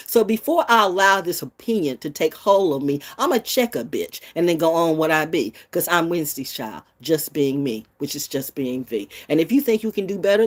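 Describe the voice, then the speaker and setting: A woman in her sixties ranting bluntly and profanely in an unscripted vlog, jumping from low mutters to high outbursts and loud laughs. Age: 60s. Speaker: vlogger. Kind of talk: unscripted rant to camera.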